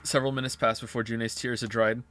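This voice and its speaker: A man's voice: medium pitch, little pitch movement, quick pace, fairly bright tone, a little hiss or hum. Sarcastic male streamer reading a game. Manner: reads the text, breaks off into wry sarcastic asides. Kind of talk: reading a visual novel aloud with commentary.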